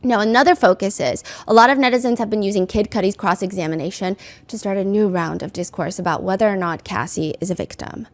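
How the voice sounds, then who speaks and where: A woman in casual commentary mode, talking through events in an easy, chatty flow at a mid-range pitch. She leans on filler words and slips into quoted back-and-forth as she tells it. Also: fast talker, few pauses. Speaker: commentary host recapping a trial.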